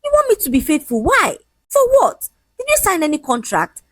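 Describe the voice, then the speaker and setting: A woman's voice: on the high side, huge pitch swings, normal speed, husky, no echo, voice pushed up, exaggerated voice. A woman voicing a smug, dismissive young man who mocks his fiancée in a folk-tale storybook reading. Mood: mocking. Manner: mocking, lecturing, casually shameless.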